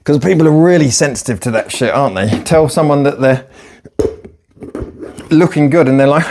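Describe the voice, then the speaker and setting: The speaker, a personal trainer who vlogs about fat loss, curses and rambles sarcastically while exercising at the gym. His voice is a little high with a darkish tone and normal speed, and the recording carries a little hiss or hum.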